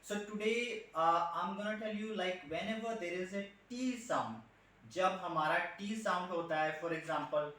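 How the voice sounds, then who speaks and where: Bright Indian-accented male trainer, echoey. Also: high-pitched, a little fast. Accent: Indian English. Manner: explains patiently, often asking "right?" and demonstrating sounds. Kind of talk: spoken English lesson. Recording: very echoey room, voice from a distance.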